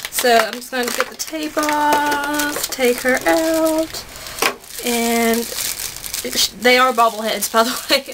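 Gushing high-voiced young woman vlogger. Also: background noise. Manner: gushing, excitable, chatty. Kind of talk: excited unboxing vlog.

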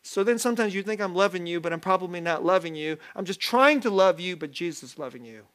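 A man preaching a sermon as pastor, lively and self-deprecating, often laughing as he talks. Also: sits high, quick pace. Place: church sanctuary.

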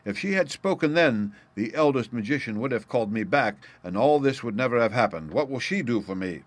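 A man's voice: medium pitch, lively intonation, a little fast, no echo, natural voice. A man voicing a proud, demanding giant crab, bargaining for gifts in a storybook reading. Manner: demanding, wheedling.

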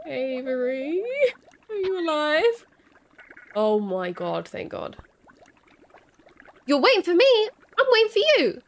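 A young woman giving excitable let's-play commentary, squealing, panicking and repeating herself as she plays. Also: high voice, slow pace, long pauses, slight background noise. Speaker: gaming YouTuber.

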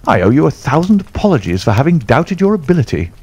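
A man's voice: a little high, very animated, fast talker, a little mellow, breathy edge, pitched above the performer's own voice. A man voicing an agitated older male colonel in an audiobook, with a strained, exclamatory manner. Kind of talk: audiobook character voice.

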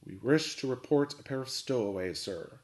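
A man voicing a calm, courteous adult butler who speaks formally. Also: mid-range voice, lightly acted. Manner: formal, courteous, quick speech. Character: polite, unflappable adult male butler.

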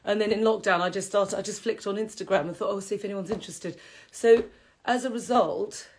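A woman's voice: mid-range voice, steady tone, fairly quick, darkish tone. Woman, middle-aged, qigong host, chatty and rambling, laughs a lot, casual live class. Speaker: qigong teacher and health host.

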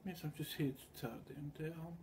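A man's voice: a little high, normal speed, noisy background. A man talking in a loose, meandering monologue, often slipping into quoted voices as he tells his story. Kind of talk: rambling monologue.

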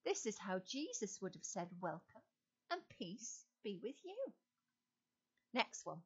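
An English woman leading a children's Sunday school lesson, quizzing and storytelling in a slow, sing-song way with exaggerated rises. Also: medium pitch, sing-song, a little mellow, slightly rough, highs cut off.

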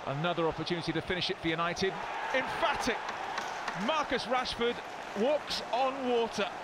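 A man giving live football commentary, bursting into excited shouts at goals. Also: sits high, moderate pace. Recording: broadcast commentary over loud crowd noise. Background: stadium crowd.

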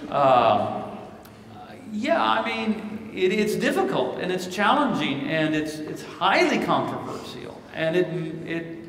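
American pastor preaching in an echoey hall. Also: male voice, sits high, takes it slowly, slight background noise. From Missouri, United States. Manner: storytelling, quotes scripture in lively voices. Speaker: pastor and keynote speaker. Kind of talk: live Q&A answer, preaching style. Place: large hall at a conference. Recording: echoey hall, picked up from a distance.

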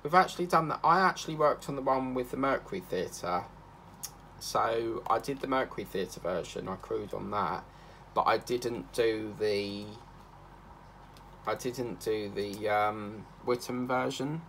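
A man's voice: on the low side, a little slow, gravelly, bright, forceful tone, slight background noise. A man chatting casually and rambling from topic to topic while he does a craft project, now and then singing a line or two. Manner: rambling, chatty, breaks into snatches of song. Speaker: craft channel host.

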